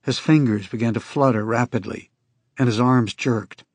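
A man reading scripted first-person narration in an even, unhurried storytelling manner. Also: mid-range voice, no room sound. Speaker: audiobook narrator.

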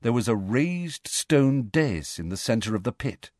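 Here a man narrates an audiobook script with lively intonation, his mid-range voice moving a little slowly. The studio-quality recording has no echo.

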